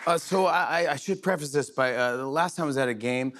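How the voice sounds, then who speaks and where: Give me a middle-aged man as a talk show host, telling an excited, rambling story in a TV studio. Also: medium pitch, quick pace, crowd noise, background noise. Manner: rambling, excited, many restarts and fillers. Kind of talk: monologue, storytelling chat. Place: TV studio with live audience.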